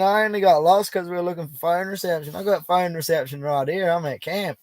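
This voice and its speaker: Laid-back Australian man, slightly high voice. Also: quick pace, hardly any pauses, no room sound. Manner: laid-back, chatty, laughs easily. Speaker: prospecting livestreamer. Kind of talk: casual live-stream chat reading viewer comments. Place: outdoor bush camp.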